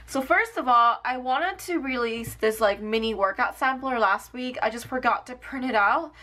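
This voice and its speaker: A woman's voice: on the high side, normal speed, pushed and bright. A young woman showing off her planner stickers in a casual vlog, gushing and upbeat with lots of "um" and "like". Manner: gushing, upbeat, many fillers like "um" and "like". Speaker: planner sticker shop owner. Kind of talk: casual product showcase vlog.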